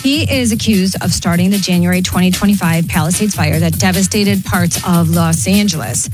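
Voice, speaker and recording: A woman reading the news on a morning radio show in a brisk, matter-of-fact way. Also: fairly low pitch, over music, poor audio. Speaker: radio co-host and news reader.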